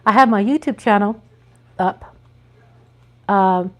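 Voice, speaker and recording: Speaking slowly in a mid-range voice, a middle-aged woman from Texas hosts a livestream. Her Texan accent colors a casual, folksy, chatty talk aimed directly at viewers.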